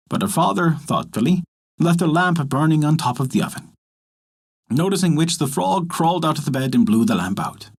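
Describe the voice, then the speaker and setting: A man telling a folk tale as a podcast storyteller, in gentle, expressive scripted narration. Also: fairly high pitch, creaky, breathy edge.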